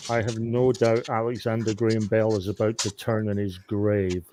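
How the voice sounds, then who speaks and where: A man's voice: fairly low pitch, little pitch movement, moderate pace, dark tone, a little hiss or hum. Stammering man from Manchester. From Manchester, England. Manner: stammering, amused. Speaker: player. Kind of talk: casual game chat.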